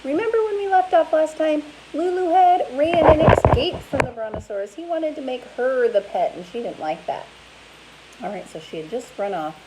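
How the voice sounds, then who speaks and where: A woman, a teacher, reading a storybook aloud in an animated way and asking her listeners questions. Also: fairly high pitch, a little hiss or hum, poor audio.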